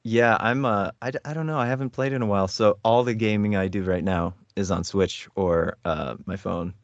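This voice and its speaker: Low-voiced man rambling in an interview. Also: moderate pace, dry recording, lo-fi sound. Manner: hesitant, rambling with fillers and laughs. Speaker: voice actor guest. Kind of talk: casual interview chat.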